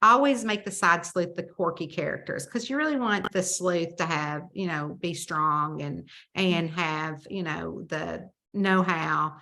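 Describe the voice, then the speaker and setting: Southern woman, crisp bright voice, chatty guest who acts out dialogue. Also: on the low side, measured pace, few pauses. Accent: Southern American. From Southern United States. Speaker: mystery author, interview guest. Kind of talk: casual storytelling interview.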